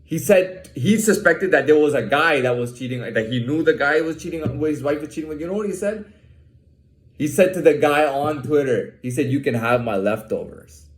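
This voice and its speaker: This man's voice leans high and moves at a moderate pace, with a roomy sound. He's agitated, cursing a lot in a monologue to camera and repeatedly restarting what he says.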